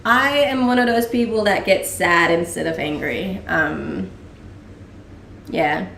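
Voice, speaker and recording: A woman's voice: on the low side, takes it slowly, creaky, a bit bright, slight background noise. A young woman from Denmark chatting casually on a live stream, answering viewer questions in an easygoing way with frequent laughs and lots of fillers. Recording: echoey room, mic a little distant.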